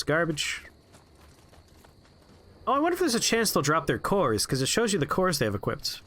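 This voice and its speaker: Swearing guy streamer telling a story while he plays, bright voice, really lively. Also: on the high side, normal speed, gravelly, pauses often. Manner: animated, profane, chatty. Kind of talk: casual storytelling during a game stream.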